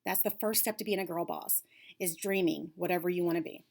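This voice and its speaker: A woman's voice: lowish voice, brisk, darkish tone. A woman giving an upbeat, encouraging talk to young girls, coaching them and dropping to a whisper for emphasis. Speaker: lead facilitator for girls' self-esteem class.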